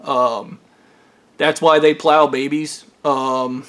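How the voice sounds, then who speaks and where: A man's voice: mid-range voice, flat delivery, slow, fairly bright tone. A man telling a long personal story in a casual, rambling monologue, swearing freely and stumbling through fillers and restarts. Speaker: storyteller recounting his own experiences.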